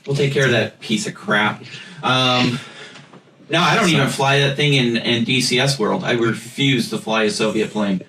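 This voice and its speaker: A man's voice: medium pitch, moderate pace, sharp tone, roomy sound, far from the mic, slight background noise. An American man hosting a podcast, chatting casually in a blunt, jokey way and swearing now and then. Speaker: podcast host. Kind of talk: casual chat.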